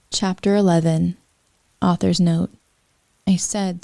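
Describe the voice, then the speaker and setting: A woman podcast host reading fanfiction aloud for comedy, deadpan with wry asides. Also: fairly low pitch, a little slow.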